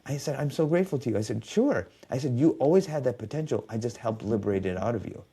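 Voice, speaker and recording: Man telling animated client stories. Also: medium pitch, fast, breathy edge. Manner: animated storyteller acting out quoted dialogue. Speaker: guest, biofeedback specialist. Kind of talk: storytelling in a podcast conversation.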